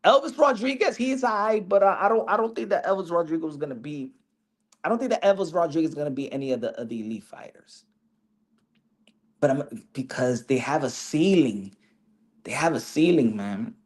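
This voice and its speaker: A man's voice: on the high side, animated, fairly quick. A man giving casual boxing opinions, rambling with restarts and dropping Spanish slang. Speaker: boxing commentator.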